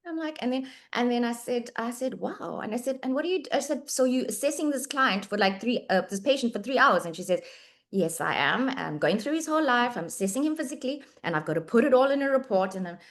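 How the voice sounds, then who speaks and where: A woman's voice: on the high side, fast. A middle-aged physiotherapist with a South African accent tells a story in an interview. She acts out the dialogue and often restarts her sentences. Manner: lively anecdotal, acts out quoted dialogue, frequent restarts. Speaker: physiotherapist and medico-legal report writer.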